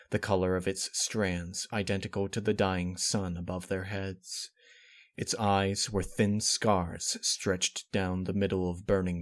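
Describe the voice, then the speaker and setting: Low-voiced man reading a dark tale. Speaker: narrator. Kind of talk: fan fiction reading.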